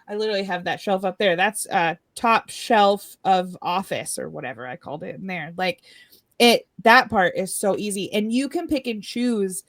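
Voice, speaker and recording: A woman's voice: medium pitch, animated, normal speed, a bit bright, no echo, clean studio sound. A woman co-hosting a podcast, talking in a friendly, giggly, casual way. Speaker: podcast co-host. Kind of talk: casual chat.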